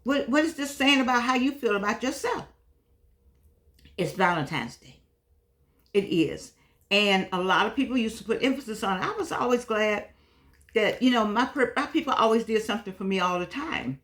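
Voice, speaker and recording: A woman's voice: fairly high pitch, animated, moderate pace. An older woman hosting her own video talk, chatting casually and repeating herself, calling viewers pet names like darlings and sugar pies, a little frustrated today. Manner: warm-hearted, repetitive, pet names for viewers. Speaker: vlog host.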